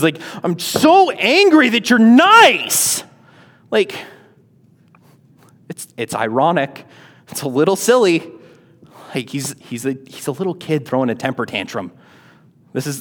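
A man giving a casual Bible lesson, reading passages aloud and explaining them in a chatty way with rhetorical questions. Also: a little high. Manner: conversational, rhetorical questions, many fillers. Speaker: Bible teacher. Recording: long hall reverb.

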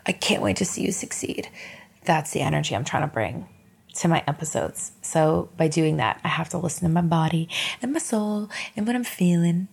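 Low gravelly woman podcasting from bed. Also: normal speed, a little mellow. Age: 30s. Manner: candid, emotional, encouraging, swears casually. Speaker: podcast host. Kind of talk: casual solo podcast monologue. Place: in bed at home.

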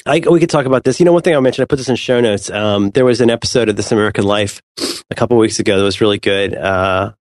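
A man co-hosting a podcast, chatting casually with animated, rambling, playful storytelling. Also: fairly low pitch, fast talker, no echo, clean studio sound. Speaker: podcast co-host. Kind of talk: casual chat.

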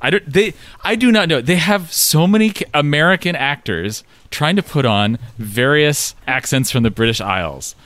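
A man's voice: on the high side, moderate pace, hardly any pauses, no echo. A man chatting casually as a co-host, rambling with fillers, swearing and laughing as he critiques. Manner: rambling, profane, animated with laughs.

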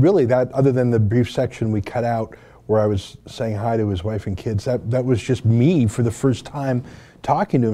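A man's voice: mid-range voice, mellow. A man from Canada hosting and giving an opinionated, indignant commentary, with rhetorical questions. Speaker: host and commentator.

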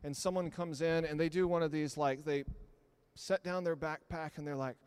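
High-voiced man preaching in a hall. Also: normal speed, smooth. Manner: conversational, animated storytelling. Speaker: pastor. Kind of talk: sermon.

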